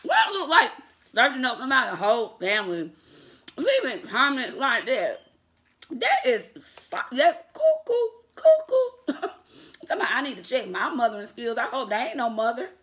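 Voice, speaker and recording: A woman talks straight to her viewers in a casual vlog, chatty and quick to laugh. Her voice is bright and forward, and it turns sassy and defiant when she calls out her critics. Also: on the high side, big pitch swings. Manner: chatty, addresses viewers as y'all, laughs often. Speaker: vlogger.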